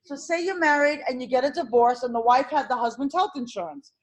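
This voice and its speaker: A woman teaching an insurance licensing class, drilling terms over and over and firing questions at her students. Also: sits high. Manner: animated, repetitive drilling with quick questions to students. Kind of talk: classroom exam-prep lecture.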